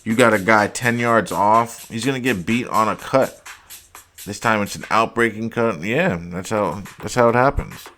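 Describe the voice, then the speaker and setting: Young guy ranting over football highlights, low-ish voice, cursing, says like a lot. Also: moderate pace, pushed and bright, faint music behind. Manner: exasperated, profane, heavy use of "like". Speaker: host. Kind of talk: casual football highlights reaction.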